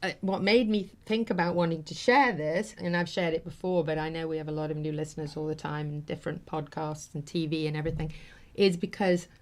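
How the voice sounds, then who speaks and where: A woman's voice: sits low, fairly even intonation, brisk, hardly any pauses. A woman hosting a talk show, telling a personal story in an earnest, heartfelt, rambling way with many fillers. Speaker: host.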